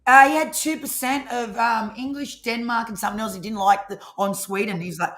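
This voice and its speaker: A woman, co-hosting a live tarot stream in rambling, animated casual chat. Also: a little high, a little fast. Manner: chatty, rambling, animated storytelling. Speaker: tarot reader co-host.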